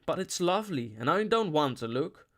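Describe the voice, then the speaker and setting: A man voicing a naive, cheerful young woman who turns anxious and pleading, his voice raised and louder. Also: a little high, sing-song, normal speed, voice pushed up.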